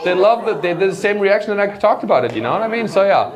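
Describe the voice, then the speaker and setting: A man's voice: sits high, sing-song, quick pace. A man doing brash, swearing stand-up crowd work on a club stage, speaking into a handheld mic. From Germany. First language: German. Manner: brash, swearing, mock-shouting in German. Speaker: stand-up comedian. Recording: loud crowd laughter around the voice.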